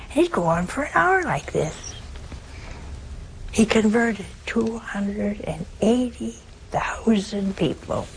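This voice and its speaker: A woman preaching at a slow, deliberate pace, earnest and storytelling, often posing rhetorical questions. Her voice sits at an ordinary middle pitch, with a faint hum of the room behind her. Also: creaky, rough recording. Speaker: nun preaching. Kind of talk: sermon.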